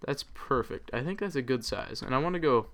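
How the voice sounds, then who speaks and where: A man's voice: medium pitch, expressive, brisk, fairly bright tone. A man hosting a let's play, chatting casually over his gameplay and rambling with many ums and uhs.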